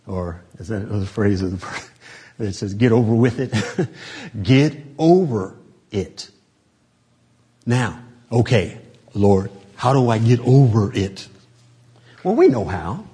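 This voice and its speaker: Guy preaching casually to a small church group, warm and a bit husky, does little voices for people. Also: lowish voice, expressive, takes it slowly, pauses often. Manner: conversational, acts out quoted voices, chuckles often. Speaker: lay preacher. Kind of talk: informal sermon.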